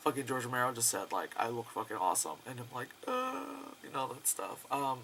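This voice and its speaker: A man chatting casually in a vlog, rambling and excitable, full of fillers and swearing. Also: medium pitch, fast, a little hiss or hum, poor audio. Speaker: vlogger.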